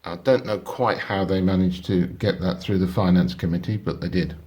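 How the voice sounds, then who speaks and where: A man's voice: low-pitched, steady tone, normal speed, a little mellow, slightly rough. A man chatting casually in a travel vlog, rambling a little with fillers as he talks. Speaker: sailing vlogger. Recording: light background noise.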